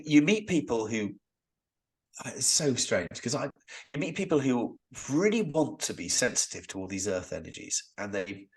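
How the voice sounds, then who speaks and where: A man's voice: mid-range voice, breathy edge. A man, a guest on a podcast, telling stories in an enthusiastic, rambling way and often restarting his sentences. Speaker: Stonehenge guide and podcast guest. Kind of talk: casual storytelling interview.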